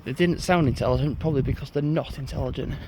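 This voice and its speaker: A man's voice: medium pitch, quick pace, a little mellow, a little hiss or hum. A young man, rambling casually to his phone while out on an evening walk uphill. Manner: rambling, chatty monologue. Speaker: vlogger. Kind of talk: casual walking vlog.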